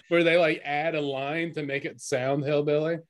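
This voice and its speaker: A man co-hosting a podcast in casual chat, laid-back and jokey, trying out silly voices. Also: fairly high pitch. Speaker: podcast co-host.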